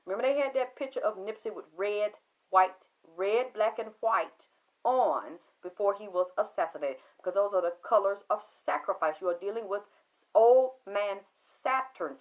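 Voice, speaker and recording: A woman telling a spiritual story in an emphatic, preachy, profane monologue that swings from loud to hushed. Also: medium pitch, normal speed, lo-fi sound. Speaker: spiritual talk host.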